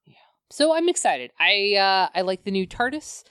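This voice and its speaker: A woman's voice: mid-range voice, big pitch swings, moderate pace, a bit bright, clean tone, dry recording, clean studio sound. A woman co-hosting a podcast in casual chat, opinionated and laughing often. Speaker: podcast co-host.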